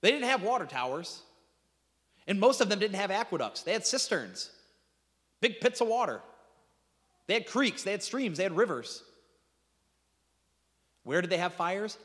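A man preaching a sermon as pastor, stumbling over restarts and swinging between loud outbursts and hushed asides. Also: sits high, big pitch swings, moderate pace, pauses often, big-room sound. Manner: impassioned preaching with repeated restarts and dramatic drops to near-whispers.

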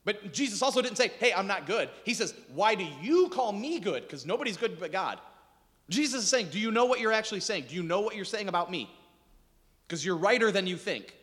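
A man preaching a sermon in a church, animated and joking as he acts out scripture quotes. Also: very high-pitched. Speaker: pastor. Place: church sanctuary. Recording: reverberant hall.

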